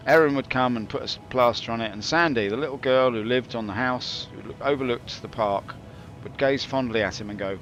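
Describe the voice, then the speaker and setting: Brief: male game streamer, mid pitch, rambling and wry, music faint underneath. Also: a little fast, hardly any pauses, fairly bright tone, dull audio. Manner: rambling, mock-philosophical, jokey. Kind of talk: casual gameplay commentary.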